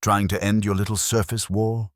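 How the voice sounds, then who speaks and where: A man voicing a polished, courteous ghost captain of an eighteenth-century British warship who is quietly menacing, in a scripted horror story. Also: lowish voice, flat delivery, normal speed, no room sound, clean studio sound, pitched above the performer's own voice, close to an everyday voice. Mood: silky menace.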